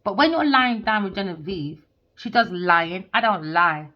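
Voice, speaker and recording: A woman's voice: medium pitch, lively intonation, measured pace, dull audio. A woman, a tarot reader delivering a heated, sweary rant as an angry monologue.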